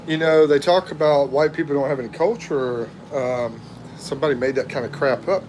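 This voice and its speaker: A man's voice: a little high, fairly quick, darkish tone, a little hiss or hum. A middle-aged man hosting a casual livestream, chatting in a drawling, rambling way as he reads out viewer comments. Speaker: livestream host.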